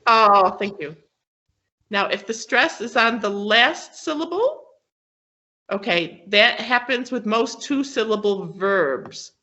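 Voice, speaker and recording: A woman teaching English who explains patiently, often stopping to check that her students follow. She talks slowly and her pitch rises and falls a lot. Her voice is bright and comes through dull, lo-fi online class audio. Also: expressive. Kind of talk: classroom lesson on word stress.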